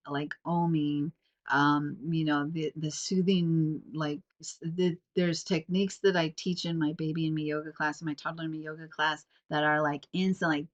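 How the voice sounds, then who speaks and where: A young woman with a stuffy nose hosts a casual solo podcast from home, her low-pitched voice a bit bright. She's chatty and rambling with many fillers, and the recording sounds dull and lo-fi.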